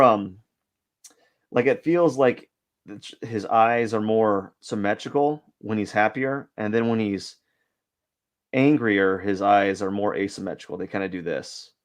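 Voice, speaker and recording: On a drawing live stream, a man with a lowish, slightly slow voice talks through his sketch as he goes. His commentary is casual and rambling, full of hesitation and second-guessing, and he keeps downplaying his own work.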